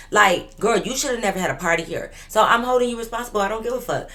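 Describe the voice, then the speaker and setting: A woman's voice: mid-range voice, lively intonation, quick pace, hardly any pauses, pushed and bright. A woman in her twenties telling a storytime vlog in an emphatic, profane, fired-up way. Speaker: vlogger.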